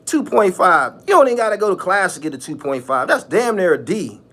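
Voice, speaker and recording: A man's voice: high-pitched, big pitch swings, fairly quick, fairly bright tone. A man hosting his own channel, ranting casually in a mocking tone, repeating phrases and laughing often. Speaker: channel host. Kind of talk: casual vlog rant.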